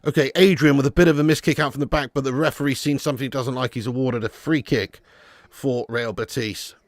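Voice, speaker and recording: A man's voice: mid-range voice, fairly even intonation, fairly quick, dry recording, clean studio sound. A young man hosting a live football watch-along, chatting casually and bantering with viewers. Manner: chatty, banter with viewers, jokey put-on accents.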